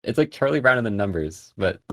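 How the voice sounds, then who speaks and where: A man guesting on a podcast, talking casually in a soft, hesitant way with many fillers. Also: on the low side, big pitch swings, fairly quick, no room sound. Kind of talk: casual chat.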